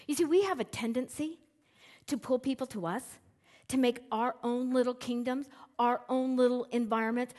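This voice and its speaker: A woman's voice: fairly high pitch, unhurried. Woman, middle-aged, preacher, conversational sermon, church, plays with emphasis. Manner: conversational and animated, acts out quotes with shifting emphasis. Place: church sanctuary with screens.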